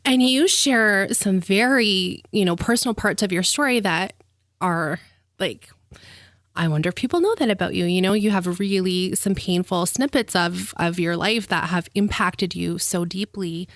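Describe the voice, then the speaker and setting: Warm-hearted woman host, effusive and teary, dry close mic. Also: mid-range voice, moderate pace, dry recording. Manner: gushing, emotional, laughs often. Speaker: podcast host. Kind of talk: heartfelt interview.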